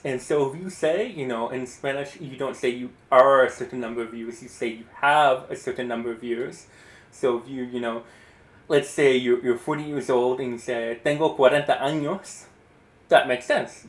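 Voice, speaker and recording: A man giving a casual, encouraging pronunciation lesson, explaining rules in a relaxed, chatty way. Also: mid-range voice, roomy sound. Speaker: Spanish teacher.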